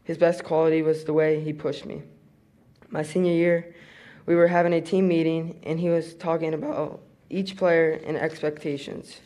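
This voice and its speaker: A man's voice: on the high side, a little mellow. A young man giving a read-out award acceptance speech. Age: young adult. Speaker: award winner.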